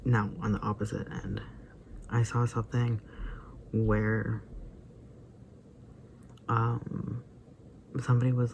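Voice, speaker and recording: A man's voice: on the low side, gravelly, darkish tone, a little hiss or hum. A man giving casual, rambling commentary on a video he watched, with lots of fillers and asides that drop almost to a whisper. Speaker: vlogger reacting to a video.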